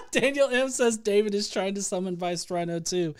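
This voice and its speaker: A man's voice: high voice, animated, a little slow, clear, resonant tone. A man hosting a casual livestream, joking, swearing, and thanking viewers as he rambles along with restarts. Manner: reads out viewer comments and thanks. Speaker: livestream host.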